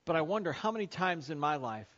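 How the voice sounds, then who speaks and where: A man's voice: on the high side, big pitch swings, fast talker, a bit bright, dull audio. A man preaching a sermon as pastor to his congregation, conversational and joking with them. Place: church sanctuary.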